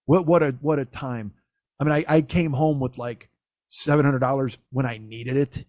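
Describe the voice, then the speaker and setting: A man's voice: medium pitch, fairly even intonation, moderate pace, darkish tone, no room sound, clean studio sound. A middle-aged man hosting a comedy podcast, telling a rambling, profane story and laughing often. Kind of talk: casual storytelling.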